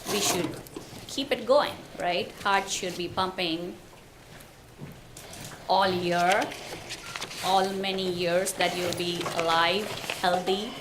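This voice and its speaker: Slow-talking woman hosting a chat. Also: on the low side, fairly even intonation, noisy background. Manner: friendly, introducing speakers. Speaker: event host.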